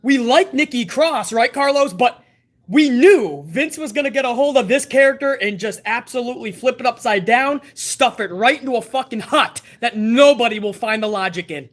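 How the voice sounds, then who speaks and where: A man talking on a live stream in a loose, casual way, swearing often and thanking viewers by name. His banter is relaxed and conversational, speaking straight to his audience. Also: very high-pitched, normal speed. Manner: profane, laid-back banter, reading viewer messages.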